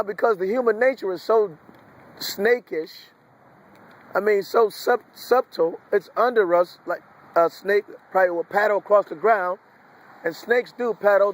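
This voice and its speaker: A man's voice: sits high, normal speed. A man from the United States delivering a wandering, preachy, profane monologue. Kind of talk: rambling monologue.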